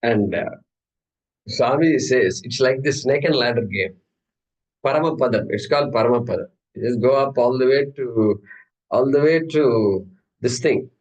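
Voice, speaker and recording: A man's voice: mid-range voice, moderate pace, pauses often, a little mellow, rough recording. A man teaches an informal scripture class. He talks in a loose, joking way and poses questions to the room before answering them himself. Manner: humorous, conversational, asks and answers his own questions. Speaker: Gita teacher.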